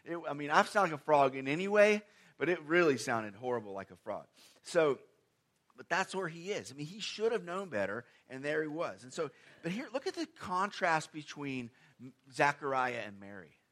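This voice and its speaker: A man preaching a sermon in a conversational, emphatic way, firing off rhetorical questions and moving between loud stressed phrases and quiet asides. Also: fairly high pitch, big pitch swings, normal speed.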